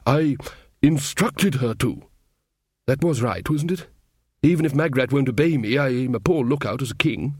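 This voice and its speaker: A man's voice: mid-range voice, moderate pace, darkish tone, breathy edge, no room sound, clean studio sound, close to an everyday voice. A man voicing a nervous, earnest young king who talks in a hesitant, anxious way.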